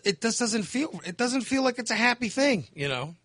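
A man's voice: extremely high pitch, very animated, normal speed, fairly bright tone, no echo. A man in his fifties, hosting and telling a candid, rambling story in casual chat. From Texas. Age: 50s. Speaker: host.

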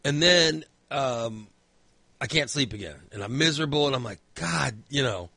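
Bright, rambling man telling a story. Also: mid-range voice, expressive, moderate pace, no echo. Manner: rambling storyteller, filler-heavy, swears freely. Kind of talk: casual chat.

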